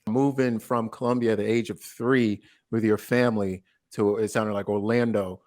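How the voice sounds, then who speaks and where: Chill host guy from ghana, kinda low voice, dry close sound. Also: fairly even intonation, normal speed, darkish tone, no echo. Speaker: podcast host. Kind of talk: casual interview talk.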